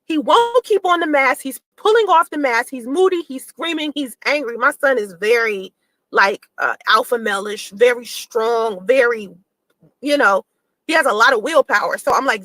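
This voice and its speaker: A woman telling a personal story to her viewers in a casual vlog, animated and acting out the exchanges she describes. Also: sits high, normal speed, dry recording, rough recording. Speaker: mother telling her own story to camera.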